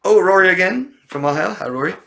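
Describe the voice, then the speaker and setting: A man offers relationship coaching in a casual style, answering viewer questions in a quick, high-pitched voice. He's animated and often acts out exasperated exchanges, mimicking people in exasperated voices.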